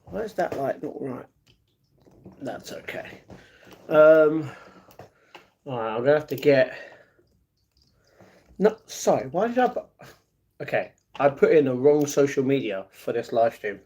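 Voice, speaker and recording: A man's voice: medium pitch, big pitch swings, measured pace, long pauses, warm tone. A young British man hosting a casual live stream, chatty and playful, greeting viewers by name and breaking into improvised rhymes. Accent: British English.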